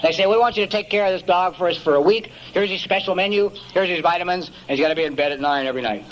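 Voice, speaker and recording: A man's voice: high voice, rapid-fire, a bit bright, highs cut off, slight background noise. A man giving a folksy, emphatic storytelling talk at a recovery meeting, peppering it with "man" and "you know".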